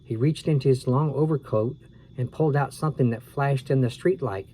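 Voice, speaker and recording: A man reading a scary children's storybook aloud at a steady, unhurried pace. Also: medium pitch, slight background noise, poor audio.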